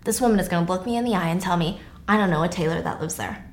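A woman's voice: lowish voice, echoey room, pitched below the performer's own voice, lightly acted. A woman voicing an anxious young female makeup artist who stammers and fires off questions. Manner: rushed, stammering, pushy questions.

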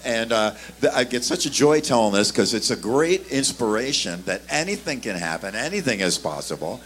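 A man's voice: medium pitch, moderate pace, slight background noise. A man telling a story in a casual chat, acting out the voices of the people in it. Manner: animated storyteller, acts out voices. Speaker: bassist telling stories.

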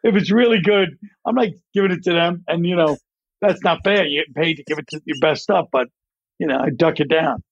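A male comedian guest in a casual interview, telling rambling, animated stories and acting out voices as he goes. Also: a little high, fairly quick, vocal fry, highs cut off. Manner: rambling, animated storyteller who acts out voices.

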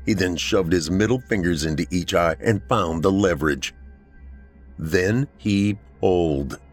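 A man narrating a horror story for a podcast in a measured, dramatic storytelling manner. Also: on the low side. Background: faint music.

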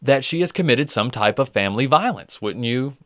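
A man's voice: medium pitch, lively intonation, moderate pace, fairly bright tone, dry recording, studio quality. Casual man hosting a true crime podcast. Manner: conversational, with frequent fillers and swearing. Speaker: podcast host.

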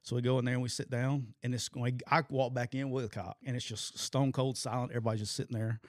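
Animated storytelling man, dry close mic. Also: mid-range voice, quick pace, dry recording. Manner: animated storytelling, quoting people in raised voices, laughs often. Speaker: former football coach, storyteller. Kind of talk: casual sports talk.

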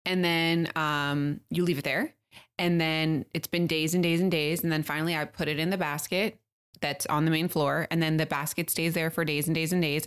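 A woman's voice: sits low, a bit bright, clear, resonant tone. A woman co-hosting a casual couple's podcast, exasperated and swearing freely as she argues and laughs with her partner. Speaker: podcast co-host.

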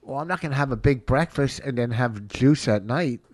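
A man's voice: mid-range voice, normal speed, a little mellow, dry recording. A man co-hosting a casual comedy podcast, telling blunt stories with plenty of swearing. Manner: swears a lot, blunt storytelling. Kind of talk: casual chat.

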